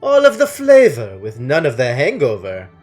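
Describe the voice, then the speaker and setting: A man voicing a charming, flirtatious male trader with a grand, drawn-out delivery, reading game dialogue aloud. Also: medium pitch, huge pitch swings, soft background music. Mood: smooth bargaining.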